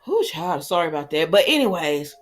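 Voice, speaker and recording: A woman's voice: lowish voice, brisk. Chatty woman recapping a soap. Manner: chatty, animated retelling with asides to the audience. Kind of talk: casual recap monologue.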